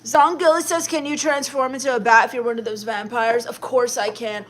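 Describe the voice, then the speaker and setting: A young woman hosting a livestream, reading viewer comments aloud in a deadpan, dismissive, sarcastic comedic manner. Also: on the high side, moderate pace, hardly any pauses. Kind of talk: in-character comedic livestream chat.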